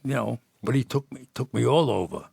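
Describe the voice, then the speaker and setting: A man's voice: medium pitch, expressive, a little fast, creaky, dark tone, slightly rough, dry recording, studio quality. An older man from Jersey City, a podcast guest, telling rambling old neighborhood stories with many restarts and laughs. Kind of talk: storytelling in casual chat.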